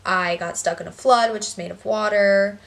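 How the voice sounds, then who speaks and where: A woman's voice: mid-range voice, fairly even intonation, moderate pace. Young female vlogger, chatty and sarcastic, filler-heavy delivery, slightly distant mic. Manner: rambling, sarcastic, heavy "like" and "basically". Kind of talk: storytime vlog.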